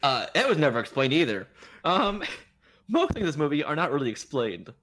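This co-host, with a fairly high voice and a slightly fast pace, recounts a movie's plot on a casual review podcast in an incredulous, joking manner, full of animation and laughs.

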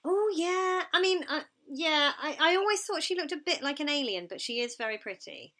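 A woman in her thirties chats on a podcast in a high, bright voice. She laughs easily and pokes fun at herself. Her pitch jumps around a lot as she talks. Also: lively intonation, moderate pace. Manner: giggly, self-deprecating. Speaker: podcast co-host. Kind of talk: casual chat.

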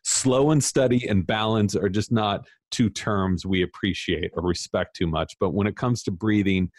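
A man being interviewed as an author, talking casually in an animated, emphatic, self-deprecating way. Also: on the low side, moderate pace, no echo, studio quality. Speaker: author guest.

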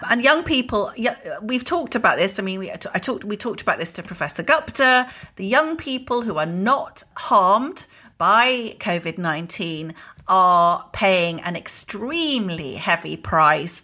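Bright-voiced indignant woman. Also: medium pitch, expressive, measured pace. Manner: indignant, emphatic. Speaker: podcast co-host. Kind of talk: opinionated casual chat.

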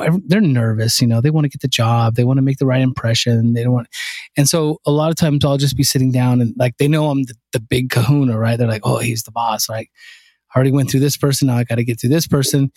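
A man's voice: medium pitch, dry recording. A man in casual podcast chat, a contracting business owner telling stories and acting out dialogue. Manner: animated storyteller, acts out dialogue.

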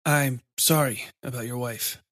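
A worn-out man speaks slowly and wryly, resigned to his fate, voiced by a male narrator. He drops in Spanish curses. The sound is dry and close. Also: medium pitch, a bit bright, no room sound, lightly acted. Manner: slow, resigned, occasionally cursing in Spanish. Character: resigned man, fatalistic and wry.

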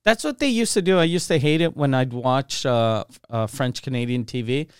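A man's voice: mid-range voice, moderate pace, smooth, dry recording, studio quality. A young man co-hosting a casual podcast, chatty and fond of mimicking voices. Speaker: podcast co-host.

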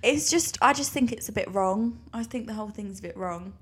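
A woman's voice: mid-range voice, fairly quick, husky. A young woman co-hosting a podcast, chatting casually and giggling, with lots of "like". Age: young adult. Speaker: podcast co-host. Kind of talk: casual chat.

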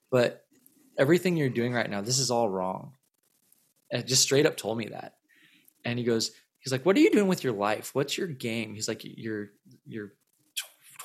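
This guest, a musician in his thirties, rambles through a long story in a casual interview, his voice at a typical middle pitch. He keeps doubling back, repeating himself and filling gaps with fillers.

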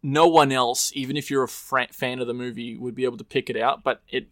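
A man's voice: mid-range voice, steady tone, brisk, a bit bright, no room sound. A man co-hosting a casual podcast chat, rambling easily and often quoting movies. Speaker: podcast co-host. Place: home room.

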